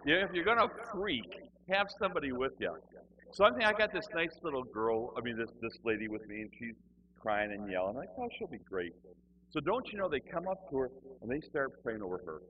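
A man's voice: mid-range voice, brisk, muffled recording, a little hiss or hum. A middle-aged man telling a humorous personal testimony, acting out the people in his story as he goes. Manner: animated, acts out other people's voices.

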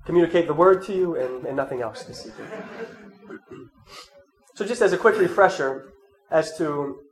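A man with a cold and a nasal, congested voice, reading scripture and then giving a measured, reflective sermon talk. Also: on the high side, lively intonation. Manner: measured, reflective, with soft asides. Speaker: preacher leading an Advent talk series. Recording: roomy echo, faint ambient noise.

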